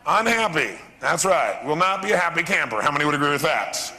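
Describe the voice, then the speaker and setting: Casting: animated male motivational speaker, rapid and bright, quizzing a crowd. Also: on the high side. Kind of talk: live seminar talk. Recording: long reverb of a seminar hall.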